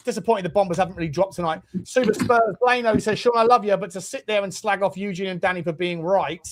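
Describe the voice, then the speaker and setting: A man's voice: high-pitched, quick pace. A man hosting a casual fan show, chatting and reading out viewer messages. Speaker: host. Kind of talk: casual fan podcast chat.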